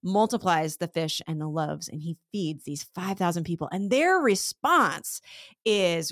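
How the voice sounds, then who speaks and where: A woman's voice: fairly low pitch, lively intonation, a little slow, fairly bright tone, dry recording, clean studio sound. A woman teaching a casual Bible lesson, retelling scripture scenes in conversational everyday speech.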